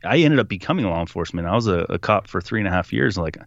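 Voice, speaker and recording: Low-voiced man telling a story. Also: rapid-fire, creaky, no room sound, highs cut off. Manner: animated retelling, acting out quotes. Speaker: podcast guest. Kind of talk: casual storytelling.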